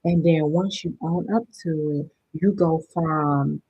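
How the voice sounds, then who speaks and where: A woman's voice: low voice, steady tone, slow pace, few pauses, darkish tone, husky, no room sound, rough recording. A woman hosting a live-stream motivational workshop, talking conversationally and often checking in with her viewers with "right?". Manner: conversational, keeps asking "right?" to the chat; addresses viewers directly and checks they understand. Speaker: workshop host.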